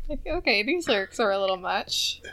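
A woman's voice: medium pitch, pushed and bright. A woman co-hosting a podcast in casual chat, laughing often and teasing. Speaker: podcast co-host.

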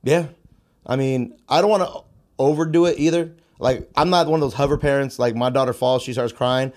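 A young adult man in a relaxed podcast conversation, speaking at an average pitch. He tells stories candidly and loosely, often repeating a phrase as he works through a thought. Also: a little fast. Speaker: martial arts instructor.

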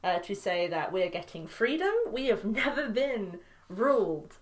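A woman's voice: mid-range voice, expressive, unhurried. Blunt woman with a Northern English accent. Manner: emphatic and blunt with strong opinions. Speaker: podcast co-host. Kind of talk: casual political chat.

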